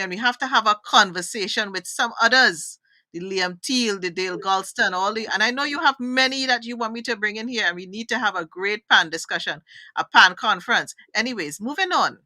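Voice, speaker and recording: Trinidadian woman host, enthusiastic live interviewer, bright tone, dry close sound. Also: medium pitch, no echo. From Trinidad and Tobago. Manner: enthusiastic, animated. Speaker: talk show host.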